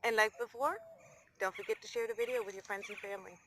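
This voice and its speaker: A woman's voice: medium pitch, steady tone, fast, noisy background. A woman filming on her phone outdoors, chatting in doting baby talk to her pet goose and to her viewers. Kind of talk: casual chat. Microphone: handheld phone.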